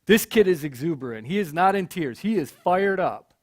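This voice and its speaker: A middle-aged man tells a story from a college stage in a somewhat high voice. He speaks earnestly and often repeats his words when the moment gets to him. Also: animated, moderate pace, darkish tone. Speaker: keynote speaker. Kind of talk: storytelling speech. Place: college hall.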